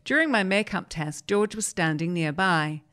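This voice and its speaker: Woman presenter, lowish voice, measured article reading. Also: lively intonation, a bit bright.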